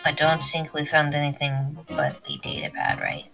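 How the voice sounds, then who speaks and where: Lively, fairly low woman player, casual tone, faint music bed. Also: normal speed, vocal fry, low-quality recording. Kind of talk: casual chat at a game table.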